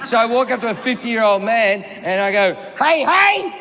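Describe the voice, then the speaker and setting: A man's voice: high-pitched, fairly even intonation, a little fast, a crowd in the background, background noise. An Australian man doing live stand-up comedy, telling a rambling, profane story and acting out the people in it. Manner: profane, rambling anecdote with acted-out quotes. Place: comedy stage before a live audience. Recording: reverberant live venue with loud ambience.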